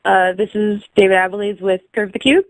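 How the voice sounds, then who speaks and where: A woman's voice: medium pitch, fairly even intonation, brisk, dry recording, poor audio. A woman hosts a podcast in an easy, chatty way. She laughs readily and sounds affectionate toward her guest. Her voice sits in a middle range and is recorded dry. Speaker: podcast host. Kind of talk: casual interview chat.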